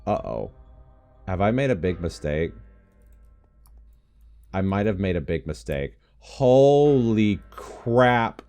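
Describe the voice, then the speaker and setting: An excitable man narrates his game as he plays, his pitch leaping around as he jokes and yelps. Faint game music runs quietly behind his voice. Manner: excitable, jokey, yelps and laughs. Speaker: gaming YouTuber. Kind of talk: Let's Play commentary.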